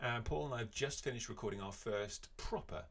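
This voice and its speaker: A man's voice: medium pitch, a little fast. A middle-aged man hosting a podcast, talking casually with frequent fillers. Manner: relaxed, chatty, with frequent fillers. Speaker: podcast co-host.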